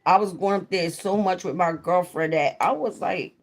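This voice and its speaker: A woman's voice: lowish voice, moderate pace. A young woman from South Jersey with a South Jersey accent, chatting candidly and rambling on a casual livestream. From South Jersey, USA. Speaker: livestream host.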